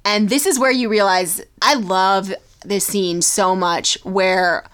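A woman's voice: mid-range voice, steady tone, takes it slowly, a bit bright, clean tone. A woman co-hosting a podcast, chatting casually and acting out characters' lines as she retells an episode. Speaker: podcast co-host. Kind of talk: casual chat recapping a TV episode.

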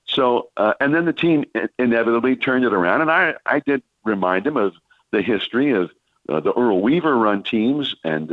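A man's voice: medium pitch, no echo. Older man telling stories over a phone line. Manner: rambling anecdotal storytelling with many restarts and fillers. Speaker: veteran baseball broadcaster, studio guest. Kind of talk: storytelling on a sports talk radio show.

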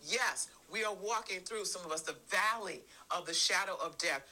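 A woman's voice: fairly low pitch, moderate pace, bright, forceful tone, poor audio. A woman preacher delivering a sermon in a fervent, rhythmic style, repeating phrases as she builds each point.

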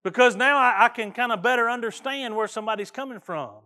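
A middle-aged pastor with a drawl delivers a sermon in a notably high voice. He speaks folksy and earnest, often stumbling and restarting his phrases. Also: fast talker, bright, forceful tone.

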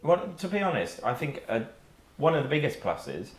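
A man with a voice of middling pitch hosts a relaxed fan chat, talking freely and laughing often as he moves from one topic to the next. The room around him rings with a noticeable echo. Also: moderate pace. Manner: chatty, laughs easily, leads the topics. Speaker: podcast host. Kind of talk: casual chat. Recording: echoey room.

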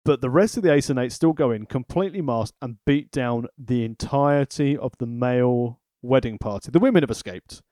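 A man's voice: medium pitch, brisk, hardly any pauses, dark tone, dry recording, clean studio sound. A man hosting a podcast, giving a sweary, analytical recap in casual chat. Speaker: podcast host.

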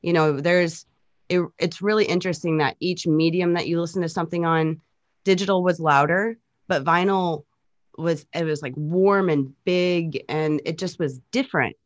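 A young woman with a low voice chats through a relaxed interview. She tells stories and walks through technical points in a friendly, chatty way. The sound is dry and close. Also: moderate pace, no room sound, lo-fi sound. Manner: chatty, storytelling, explains technical details. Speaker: DJ and music producer, guest. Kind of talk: casual interview chat.

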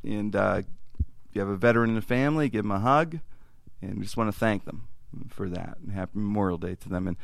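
A man's voice: on the low side, fast, creaky, few pauses, no room sound. A middle-aged man hosting a podcast, telling a story casually and acting out the quotes. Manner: animated, acts out quotes. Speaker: podcast host.

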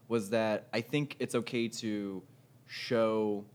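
A man's voice: lowish voice, fairly even intonation, slow, darkish tone. A man on a headset mic in a casual group chat, earnestly explaining his view as he thinks aloud.

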